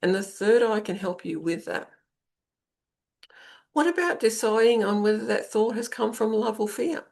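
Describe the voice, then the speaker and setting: A woman's voice: a little high, moderate pace, creaky, pauses often, a little mellow. A middle-aged woman hosting a podcast, talking through self-help ideas in a conversational coaching manner and repeating phrases for emphasis. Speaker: podcast host and intuitive coach. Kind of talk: spoken self-help monologue.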